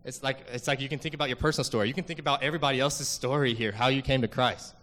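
A man's voice: medium pitch, steady tone, very fast, fairly bright tone, big-room sound. A young man giving an earnest, emotional church testimony about a mission trip, full of fillers and restarts.

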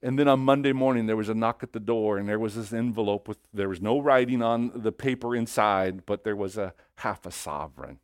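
A man preaching a sermon, telling a story with animated swings between hushed and loud delivery. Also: on the low side, fairly quick, hardly any pauses, no echo, studio quality.

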